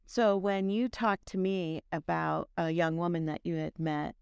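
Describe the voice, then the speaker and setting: A woman's voice: lowish voice, a little slow, creaky, darkish tone, clean tone, dry recording. A woman co-hosting a podcast, chatting and bantering playfully. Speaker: co-host. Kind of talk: podcast chat.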